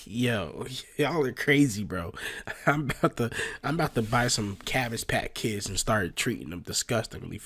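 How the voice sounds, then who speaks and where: A man's voice: lowish voice, expressive, normal speed, sharp tone, slightly rough. A man hosting a reaction video in casual, slangy commentary, laughing and joking between remarks. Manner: slangy, laughing, joking, says "bro" a lot. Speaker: reaction channel host.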